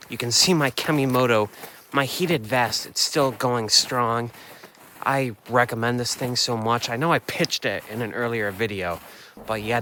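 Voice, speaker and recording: A man's voice: mid-range voice, sharp tone, slight background noise. A man narrating a casual travel vlog to camera, thinking aloud in a loose, unsure, chatty way. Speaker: van-life vlogger.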